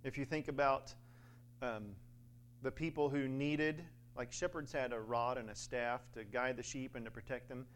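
A man's voice: medium pitch, steady tone, moderate pace, slight background noise. A man preaching a sermon in a conversational way, with fillers and little acted-out quotes.

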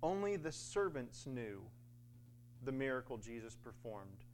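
A man's voice: mid-range voice, big pitch swings, a little slow, a little mellow, slight background noise. A man preaching a sermon in a conversational way, with fillers and little acted-out quotes.

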